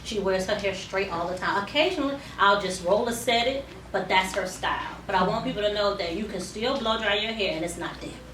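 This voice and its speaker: A woman's voice: medium pitch, bright, forceful tone. Chatty woman stylist in an echoey salon. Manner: chatty, explanatory, frequent ums. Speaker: hair stylist. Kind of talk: salon demonstration talk. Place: hair salon indoors. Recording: roomy distant mic with salon noise.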